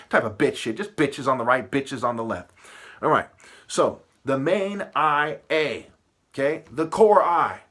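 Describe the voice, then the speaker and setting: A man's voice: mid-range voice, expressive, moderate pace, a bit bright, slightly rough. Profane ranting man. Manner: aggressive, profane, rambling with rhetorical questions. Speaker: vlogger.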